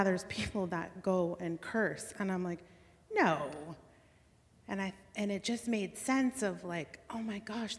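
Woman sharing her testimony, earnest and excited, lots of "like", sounds like a big echoey hall. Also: fairly low pitch. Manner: earnest and excited, with frequent "like" fillers and laughs. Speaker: speaker sharing a faith testimony. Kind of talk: personal storytelling testimony. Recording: long hall reverb.

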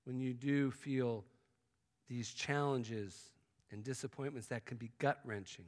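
A man preaching a sermon, swinging from loud exclamations to hushed, intimate tones. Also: medium pitch, steady tone, measured pace. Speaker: pastor. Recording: long hall reverb.

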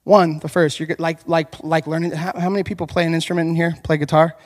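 High-voiced pastor preaching in a reverberant church. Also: male voice, quick pace. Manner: lively storytelling, addressing the congregation directly. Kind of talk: sermon. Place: church hall. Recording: long hall reverb.

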